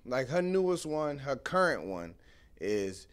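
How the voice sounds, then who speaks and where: A young man, hosting a casual live stream. His speech is animated and conversational, with a mid-range pitch, as he tells stories and calls out to viewers in the chat. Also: a little slow, smooth. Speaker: host.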